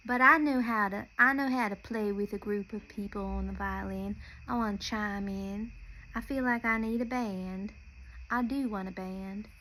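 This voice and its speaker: Medium-pitched, pushed and bright, her voice keeps fairly even intonation at a moderate pace in a low-quality recording. She's a young podcast host from Nashville, Tennessee, delivering a rambling, chatty monologue in which she keeps breaking off and restarting sentences.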